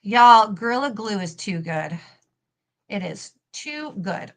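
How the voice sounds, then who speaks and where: A woman's voice: mid-range voice, expressive, takes it slowly. A young adult woman hosting a casual craft live stream, chatting in a rambling way with lots of fillers and the odd swear. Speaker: cosplay prop maker and live-stream host.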